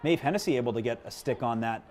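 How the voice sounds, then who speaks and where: A man of middle pitch doing play-by-play outdoors at a high school game, with spectators clearly heard behind him. He chats easily with the folks at home, jokes about his own mistakes and explains the plays as they go. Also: quick pace. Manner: chatty, self-deprecating, jumps to yelling on big plays. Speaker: play-by-play commentator. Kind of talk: live local sports commentary. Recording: crowd noise behind.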